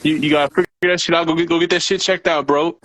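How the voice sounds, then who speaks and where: A man's voice: on the high side, fairly even intonation, fast talker, a bit bright, no room sound. Laid-back laughing man giving advice. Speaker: co-host. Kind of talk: casual chat.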